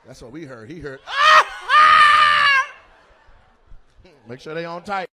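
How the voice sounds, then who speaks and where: A man doing stand-up crowd work in a comedy club, loud and teasing, and slipping into playful mock voices. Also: fairly high pitch, expressive, fast, slight background noise. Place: comedy club stage before a live audience.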